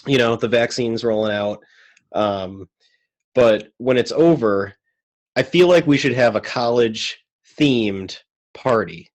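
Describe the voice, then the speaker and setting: A male guitarist and teacher chatting remotely through a USB microphone. His voice sits at an ordinary middle pitch, and he rambles easily, sprinkling in "like" throughout. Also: slow pace. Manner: relaxed, rambling, heavy use of "like". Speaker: guitarist and music teacher, guest. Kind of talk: casual chat. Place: music classroom, remote call.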